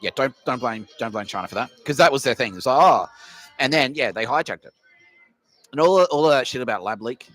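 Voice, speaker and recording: A man's voice: medium pitch, expressive, quick pace, a bit bright, soft background music. An Australian man hosting a podcast, delivering a crude, rambling comedy rant full of swearing. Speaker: podcast host. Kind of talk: ranting comedy monologue.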